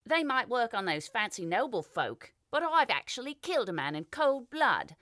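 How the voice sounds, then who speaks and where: A blunt, hard-drinking female gunfighter in a fantasy audiobook, lazy and brash in her delivery, as a woman narrator puts her on. The voice swings freely in pitch and sounds dry and close. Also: very animated, normal speed, a bit bright, no echo.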